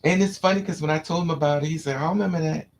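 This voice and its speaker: A man chatting casually, telling childhood stories in an animated way and acting out the voices of people he quotes. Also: on the high side, very fast, a little hiss or hum. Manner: animated storyteller, squeals and acts out quotes. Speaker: podcast host. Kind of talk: casual chat.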